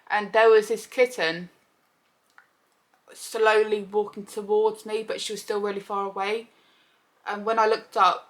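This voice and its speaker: Chatty young woman vlogger. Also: mid-range voice. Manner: chatty, animated retelling with quoted voices. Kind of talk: casual storytelling.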